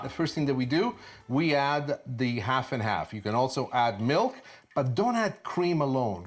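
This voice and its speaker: A man in his sixties with an Italian accent, hosting a cooking demonstration in a lively, chatty, playful way with rhetorical questions. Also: mid-range voice. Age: 60s. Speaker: cooking show host. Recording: background music.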